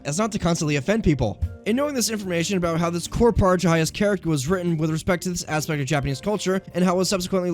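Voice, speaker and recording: A man hosting a video essay, narrating a script in a brisk, emphatic way. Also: sits high.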